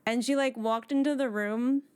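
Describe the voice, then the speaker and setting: A woman's voice: a little high, fairly even intonation, moderate pace, darkish tone, clean tone. A woman live streaming from home on a desk microphone, chatting casually with her viewers and greeting them one by one.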